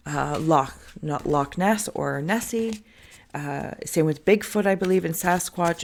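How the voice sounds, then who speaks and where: A woman with a low voice leads a spiritual reading, musing aloud as she goes. Her speech wanders and corrects itself, and now and then it sinks into a hushed whisper. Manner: meandering, dreamy, self-correcting, drifting into soft whispers. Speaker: tarot and tapestry reader.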